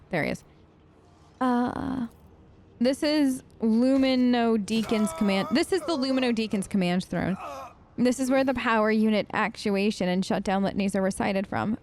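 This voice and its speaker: A woman's voice: medium pitch, a little mellow, a little hiss or hum. Chatty woman narrating a game. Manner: chatty, reads dialogue with restarts and asides. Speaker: let's play host. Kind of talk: casual gameplay commentary reading game text aloud.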